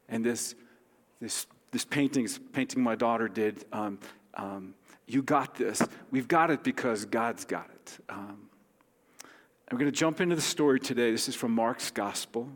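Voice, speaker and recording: A man's voice: medium pitch, moderate pace. Man preaching conversationally in a reverberant hall. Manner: gentle, conversational preaching with light humor. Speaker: pastor. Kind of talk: sermon. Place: church sanctuary.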